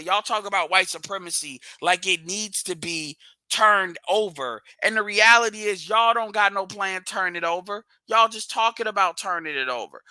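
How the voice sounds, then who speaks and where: A man hosting a livestream rants bluntly and profanely, hammering his points through repetition. His voice is high-pitched with a sharp tone. There's no room sound.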